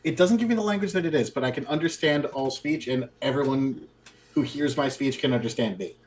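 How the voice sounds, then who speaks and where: A man's voice: mid-range voice, fairly quick, a little mellow. A man playing in a tabletop game, talking hesitantly with ums and restarts. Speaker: player. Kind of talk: casual tabletop game chat.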